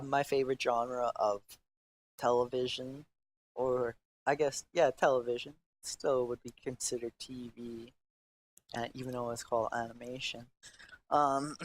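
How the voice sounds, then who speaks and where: A man hosting a laid-back podcast, talking in an unhurried, drawn-out way at a middle pitch. His speech is halting and slangy, stuffed with fillers, and full of restarts as he thinks out loud. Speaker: podcast host. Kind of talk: rambling casual chat.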